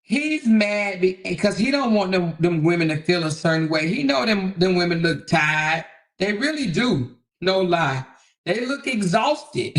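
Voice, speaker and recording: A woman hosting a livestream, commenting on clips in a teasing, profane way with frequent laughter. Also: medium pitch. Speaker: host.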